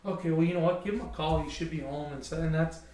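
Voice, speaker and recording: A man's voice: on the high side, fast talker, a crowd in the background. A man, a former goalkeeper telling stories as a guest on a casual podcast, quoting himself and his friends. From Windsor, Canada. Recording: very echoey, distant from the mic.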